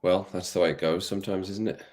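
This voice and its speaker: A man's voice: low-pitched, steady tone, fast talker, darkish tone. A man vlogging in casual chat, thinking aloud with jokey asides while placing bets.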